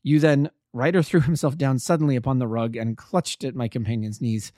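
A man's voice: medium pitch, fairly quick, warm tone, no room sound. Amateur guy narrating an old detective story, mid voice, dry close sound. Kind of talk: audiobook narration.

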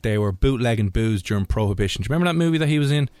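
A man's voice: mid-range voice, expressive, very fast, a little mellow, smooth, dry recording. A man hosting a radio show, chatting casually in a rambling, jokey way. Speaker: radio host.

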